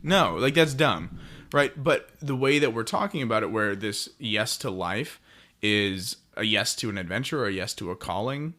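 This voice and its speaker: A man co-hosting a podcast who calmly pushes back and clarifies his point in a casual discussion. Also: on the low side, normal speed. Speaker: podcast co-host.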